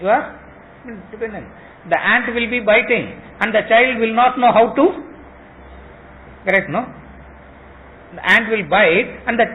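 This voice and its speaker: A man teaching a scripture class, repeating his phrases and quizzing listeners with rhetorical questions. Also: high-pitched. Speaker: spiritual teacher. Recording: tinny phone-like lo-fi recording with faint noise.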